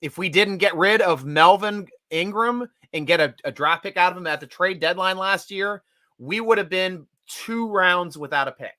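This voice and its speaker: A middle-aged man hosting a casual live-stream chat, animated and chatty and quick to laugh. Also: high-pitched, no room sound, studio quality. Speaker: host.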